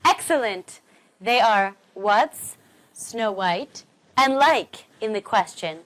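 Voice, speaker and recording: A woman teaching English pronunciation in a recorded online lesson, encouraging and deliberately modelling sentence stress. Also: mid-range voice, lively intonation, a bit bright.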